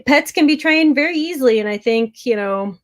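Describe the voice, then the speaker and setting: A woman's voice: high voice, animated, a little fast. A woman hosting a preparedness channel, chatting casually and upbeat as she answers viewer comments, giggling often.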